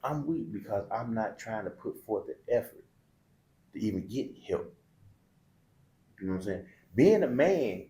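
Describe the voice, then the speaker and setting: A middle-aged man with a lowish voice speaks candidly and with feeling, his talk colloquial and open as a podcast guest. The room gives his voice a noticeable echo. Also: lively intonation, normal speed, long pauses, warm tone. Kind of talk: heartfelt personal storytelling. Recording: roomy echo.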